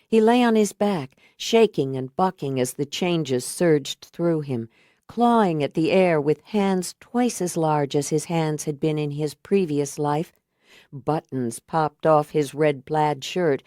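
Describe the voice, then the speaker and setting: A woman reading a horror audiobook aloud in an even, measured storytelling manner. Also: low voice, no echo, studio quality. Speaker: audiobook narrator. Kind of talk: scripted horror narration.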